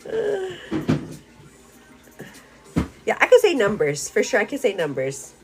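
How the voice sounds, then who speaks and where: A woman's voice: a little high, wildly swooping pitch, a little fast, slightly rough, faint music behind, rough recording. A woman from a Mexican-American family chatting casually while getting ready at home, bubbly and laughing often, dropping in Spanish words. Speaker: beauty vlogger. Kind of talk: casual chat.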